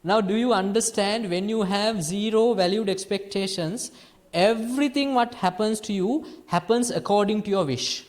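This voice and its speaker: Soft-spoken Sri monk, high voice. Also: male voice, normal speed. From Sri Lanka. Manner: lively teaching, swings between soft and emphatic. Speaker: Buddhist monk teacher. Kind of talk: dharma talk to a small group.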